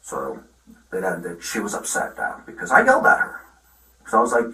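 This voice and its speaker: A middle-aged father telling the police a long, halting account with many restarts, recorded on a body camera. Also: lowish voice, huge pitch swings, sharp tone. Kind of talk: recounting events in a conversation. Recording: roomy, from far off the mic.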